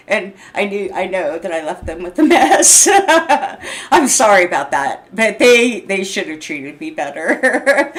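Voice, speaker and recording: A woman's voice: medium pitch, sing-song, slow. A woman, venting in an unscripted vlog, agitated and rambling, laughing often and swearing. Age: 60s. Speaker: vlogger.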